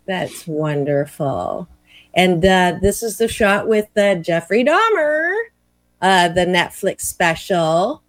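A woman's voice: on the low side, lively intonation, slow pace, no room sound. A woman interviewing a guest, giving encouraging short replies. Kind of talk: casual interview chat.

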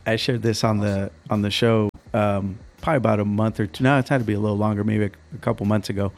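Low-voiced man chatting casually as host. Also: steady tone, fast talker, creaky. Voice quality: voice cracking. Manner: laid-back, storytelling with lots of fillers. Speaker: podcast host. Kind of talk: casual interview chat.

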